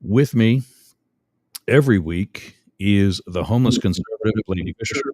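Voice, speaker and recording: A man's voice: fairly low pitch, moderate pace, a little mellow, no echo. A middle-aged man hosting a radio talk show, rambling and chatty, often interrupting himself with fillers.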